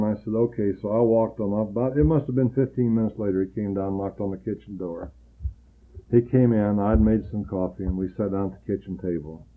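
A man preaching a sermon, earnestly building emphasis and then dropping low and quiet to tell a personal story. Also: brisk, phone-quality sound.

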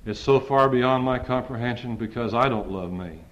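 Guy preaching a fiery sermon, goes quiet then builds way up loud. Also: medium pitch, normal speed, dull audio. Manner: swings from hushed to loud, rising pleas. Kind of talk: impassioned sermon.

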